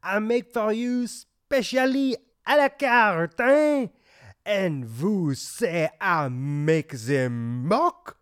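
A woman playing an overeager French cafe cook in a comedy sketch, speaking with a thick put-on French accent and tagging lines with a high "eh?". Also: very animated, takes it slowly, dry recording, clean studio sound, heavily acted. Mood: fawning.

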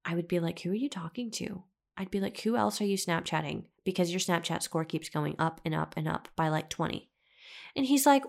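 A young woman with a lowish voice, chatting through a personal story straight to the listener. She is candid and swears freely, and she laughs at herself along the way. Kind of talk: casual storytime monologue.

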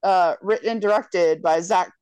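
A woman's voice: on the low side, normal speed, smooth, dry recording. A woman in casual chat, recapping a film plot with lots of swearing and acted-out quotes. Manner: profane, animated storytelling with quoted voices. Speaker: podcast co-host recapping a film.

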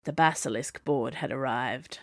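A woman's voice: very deep voice, moderate pace, no echo, studio quality. A woman reading an audiobook in a wry, conversational narrating voice. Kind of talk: scripted narration.

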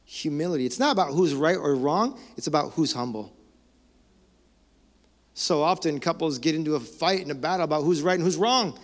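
A man preaching a sermon as pastor, animated and conversational, acting out excuses and laughing now and then. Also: on the high side, a little fast. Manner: animated, mock-quotes excuses, laughs often. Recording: long hall reverb.

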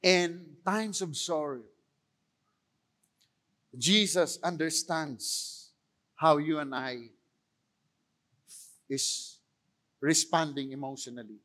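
A male pastor with a Filipino accent delivers a sermon in a high, light voice. He takes his time, letting phrases hang, and he rises in emphasis whenever he quotes scripture. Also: bright, forceful tone. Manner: unhurried preaching, switching into Tagalog phrases, rising emphasis on quotes.

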